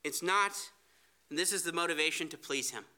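A man's voice: fairly high pitch, fairly quick, bright, forceful tone. A man preaching a sermon, earnest, reading scripture aloud. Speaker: pastor.

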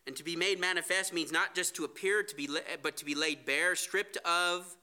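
A man's voice: a little high, fairly even intonation, normal speed, sharp tone, clear, resonant tone. A man preaching a sermon, earnest, reading scripture aloud. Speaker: pastor.

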